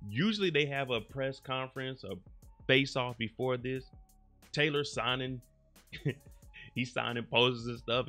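A man casually recapping a TV episode in an animated way, slipping into the characters' lines, with AAVE speech and light music behind him. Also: mid-range voice. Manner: animated, acts out characters' lines in quick bits. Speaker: recap host.

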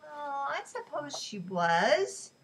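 A gruff, irritable sailor man who snaps out short replies, as a woman narrator puts him on. He speaks curtly and does not waste words. He is a figure from a storybook reading. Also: very high voice, a little slow, pushed and bright, a little hiss or hum, voice pushed up, exaggerated voice. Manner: curt, snappish.

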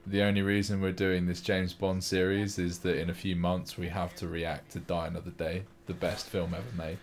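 A man's voice: deep voice, little pitch movement, normal speed. A young man co-hosting a film reaction, cracking playful, sweary jokes and laughing often. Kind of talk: casual reaction chat.

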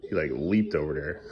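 A man in his thirties, a sleepy father filming a casual family vlog at home and outside, teasing and coaxing his kids along. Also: a bass voice. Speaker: father and vlogger. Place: home kitchen, then outdoors by the street.

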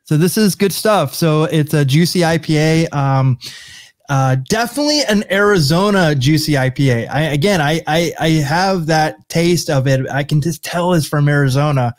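Casting: podcast co-host, male, laid-back chatty delivery, slightly high voice, dry close sound. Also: moderate pace, no echo. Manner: relaxed, searching for words while describing a beer. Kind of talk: casual chat.

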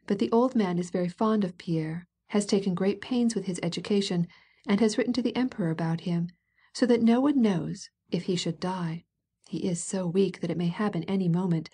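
A self-important, well-connected princess, as a woman narrator puts her on, confiding gossip in a significant half-whisper for a storybook. Her voice is warm, dark and husky. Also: medium pitch, lightly acted.

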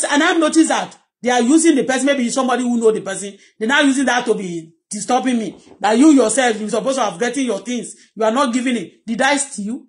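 Middle-aged Nigerian-accented woman, personal vlog, pleading and repetitive, slightly high voice. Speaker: vlogger.

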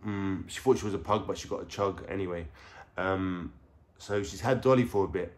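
A man's voice: low-pitched, moderate pace, darkish tone. A young man with a London accent telling a rambling, slangy story to camera at home, full of fillers and swearing. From England. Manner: rambling, profane street slang, lots of fillers. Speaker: vlogger. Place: indoors at home.

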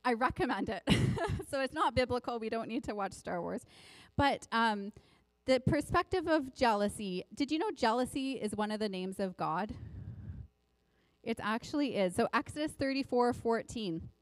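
Woman lay preacher, higher voice, chatty and rambling casual sermon, dry close sound. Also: animated, moderate pace, no room sound, low-quality recording. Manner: chatty, rambling, laughs often, says "like" a lot. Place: church sanctuary.

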